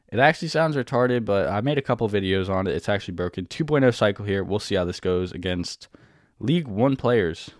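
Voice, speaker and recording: A young man giving casual, excitable commentary over his own gameplay, swearing and breaking into sudden loud outbursts. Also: lowish voice, no echo, studio quality. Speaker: gaming video creator.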